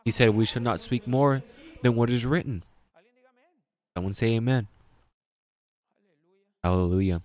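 A male pastor preaching a sermon in an emphatic, repetitive way, rising into loud peaks. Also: mid-range voice, unhurried, pauses often.

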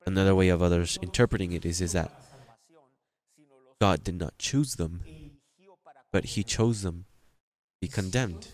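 A man's voice: low voice, measured pace, long pauses, darkish tone. A man preaching a sermon with an accent, drawing out words and rising into emphatic bursts. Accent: non-native English. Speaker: pastor.

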